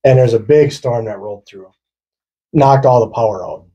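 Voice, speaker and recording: Man, husky, mellow, casual swearing storyteller. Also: mid-range voice, moderate pace, highs cut off. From rural Wisconsin. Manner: loose, profane, laughing through his story. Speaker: podcast co-host. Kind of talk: casual storytelling among friends.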